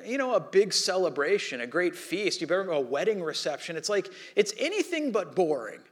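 A man preaching a sermon in a conversational, animated way, acting out the people he quotes. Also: high voice, fairly quick. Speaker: pastor.

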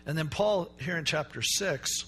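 A middle-aged male pastor preaching a sermon in a relaxed, conversational way, telling stories and acting out the people in them. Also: on the high side, measured pace, faint music behind. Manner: conversational storytelling preacher, acts out quoted voices.

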